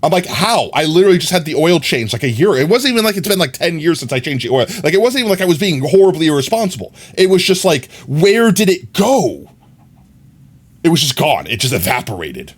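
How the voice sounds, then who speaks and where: Rambling male streamer, lively pitch. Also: a little fast, slightly rough. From New York. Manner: rambling, filler-heavy storytelling. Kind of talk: casual chat while gaming.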